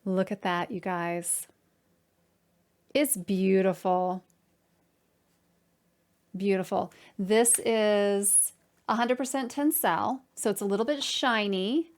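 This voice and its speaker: An excitable woman chats to her viewers from home as a knitting host, her pitch sitting in the middle range. She talks casually and eagerly, scattering fillers and friendly asides as she goes. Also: a little slow. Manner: chatty and excitable, full of "like" and "you guys". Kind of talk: casual chat to camera.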